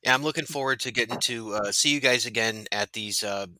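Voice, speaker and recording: Man with a very bright, dry voice. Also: medium pitch, a little fast, no room sound, poor audio. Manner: upbeat, hesitant with fillers. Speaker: podcast co-host. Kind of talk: casual podcast chat.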